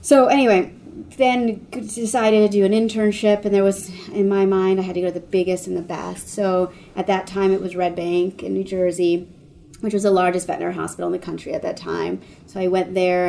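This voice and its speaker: The voice is a woman's, mellow and relaxed, with a faint hiss of noise behind it. She is a veterinary oncologist from Washington, D.C., talking casually in an interview. She rambles through her stories with fillers and restarts and slips into the voices of the people she quotes. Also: lowish voice, brisk, vocal fry. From Washington, D.C., United States. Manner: acts out quoted voices of others.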